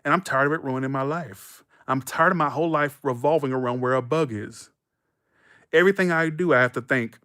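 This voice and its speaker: A man in his thirties hosts a casual livestream. He rambles through his stories at a middle pitch and leaps into animated quoted voices. The mic is close and dry, with no room sound. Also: fairly quick, clean tone, dry recording. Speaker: livestream host. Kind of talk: casual chat to viewers.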